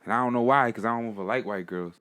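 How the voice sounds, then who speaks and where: A man's voice: on the low side, racing, fairly bright tone, smooth. A man speaking earnestly and in slang in a casual podcast debate, drawing on his own experience. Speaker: podcast co-host.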